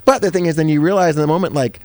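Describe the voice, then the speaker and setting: A man's voice: fairly high pitch, rapid-fire, dry recording. Casual, chatty middle-aged man. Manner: relaxed, animated, says "dude" and "like" a lot. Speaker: worship leader and music teacher. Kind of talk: casual conversational chat.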